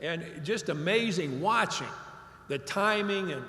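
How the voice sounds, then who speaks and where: A man's voice: high voice, lively intonation, measured pace, sharp tone. An older man from Ohio giving a commencement speech, telling stories in a folksy, emphatic way. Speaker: commencement speaker. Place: large graduation venue. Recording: echoey hall reverb.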